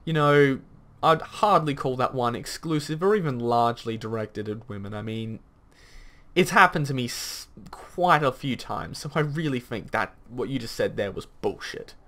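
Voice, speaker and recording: A man's voice: mid-range voice, lively intonation, moderate pace, a bit bright. A man hosting a gaming commentary video, arguing bluntly, swearing at times, and rambling through lots of fillers. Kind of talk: reaction commentary rant.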